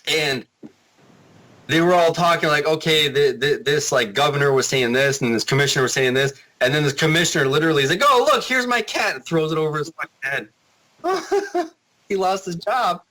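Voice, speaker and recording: A man guesting on a podcast, with a slightly higher voice than most men. He rambles in animated bursts and restarts his sentences often. He keeps it casual and chatty throughout. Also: fairly quick, rough recording.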